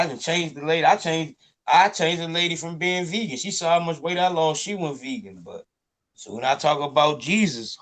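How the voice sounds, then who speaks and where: A man's voice: on the high side, fairly bright tone, a little hiss or hum, poor audio. A man in a casual chat, telling stories and explaining things in a laid-back way.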